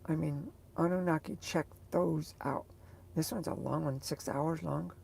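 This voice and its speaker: A woman's voice: low voice, fairly even intonation, a little slow, vocal fry, darkish tone, slight background noise. A woman vlogger chatting casually to her viewers, rambling and hesitant as she searches for words.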